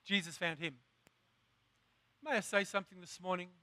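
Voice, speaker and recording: High, bright-voiced impassioned male preacher. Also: no room sound. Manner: impassioned, slow emphatic stresses, rising to shouts. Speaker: pastor. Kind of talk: sermon.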